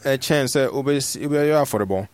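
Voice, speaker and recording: A man interpreting a sermon with a steady, earnest preaching delivery. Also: mid-range voice, a little slow, clear, resonant tone, no room sound.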